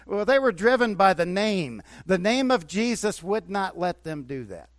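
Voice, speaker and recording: Emphatic preacher man, fairly high. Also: big pitch swings, moderate pace, no room sound. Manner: emphatic preaching with rising bursts and quiet asides. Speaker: pastor. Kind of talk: sermon.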